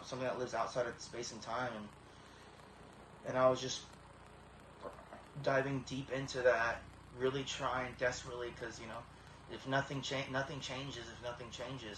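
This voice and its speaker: Earnest halting man, echoey room. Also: mid-range voice, a bit bright. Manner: halting, many repeated starts, earnest. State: tearful, emotional. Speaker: vlogger. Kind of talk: emotional personal testimony. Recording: echoey room with faint background hiss.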